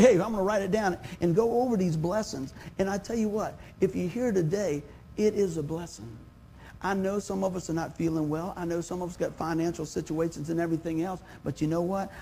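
A man's voice: a little high, warm tone, a little hiss or hum. A man in his fifties preaching a folksy sermon, often calling for amens and acting out little stories. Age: 50s. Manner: folksy, calls for amens, acts out anecdotes. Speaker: pastor.

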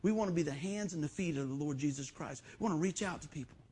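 A middle-aged man preaching a sermon as pastor, in a folksy, animated storytelling way. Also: on the high side, fast talker, husky.

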